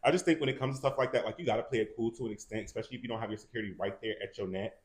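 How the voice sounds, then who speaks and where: Man, low-pitched, animated co-host of a gossip chat. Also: racing. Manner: animated, acts out quotes in raised voices. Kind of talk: casual celebrity gossip chat.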